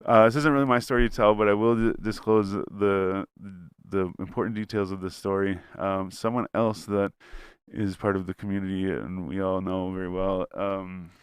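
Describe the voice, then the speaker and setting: A man's voice: moderate pace, hardly any pauses, clean tone, dry recording, studio quality. Profane, rambling man telling a story. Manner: animated, jumps in pitch when quoting people. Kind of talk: casual podcast chat.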